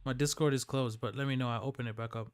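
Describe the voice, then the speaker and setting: A man's voice: mid-range voice, steady tone, quick pace, clear, resonant tone. A man streaming live, chatting loosely with his viewers and answering their messages aloud. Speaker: livestreamer.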